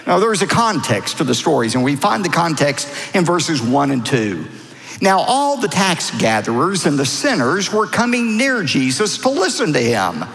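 A middle-aged pastor delivers a sermon in a church, his voice sitting a little high for a man. He swoops up and down with lively expression and acts out the people he quotes. The sound carries a long reverberant tail from the hall. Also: moderate pace, gravelly.

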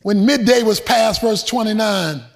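A man preaching a sermon, shouting with emphasis in a sing-song cadence and adding humorous, folksy asides. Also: high-pitched, measured pace.

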